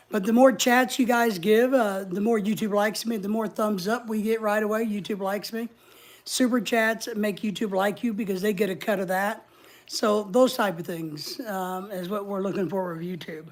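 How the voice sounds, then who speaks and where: A woman's voice: medium pitch, fairly even intonation, moderate pace. A woman hosting a casual livestream, chatting in a rambling way and reading viewer comments aloud. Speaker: livestream host.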